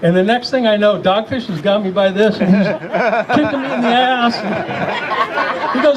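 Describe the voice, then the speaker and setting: A high-pitched man spins a rowdy, laughing story for a gathered crowd. The chatter of many people and a steady noise sit under his voice. He talks casually and bawdily. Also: moderate pace, pauses often. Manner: rowdy, laughing, bawdy anecdotes. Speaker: mourner telling a story at a memorial. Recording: noisy crowd around the mic.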